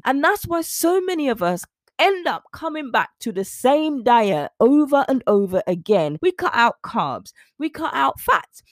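In a clean, echo-free studio recording, a woman with a slightly high voice delivers a casual solo episode of her nutrition coaching podcast. She's chatty and lively with her audience and laughs often.

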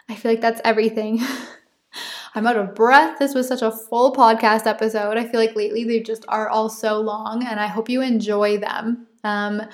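A young woman hosting her own podcast, talking openly and chattily with frequent laughs. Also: fairly high pitch. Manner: open, chatty, laughs often. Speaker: podcast host. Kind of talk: casual solo podcast monologue.

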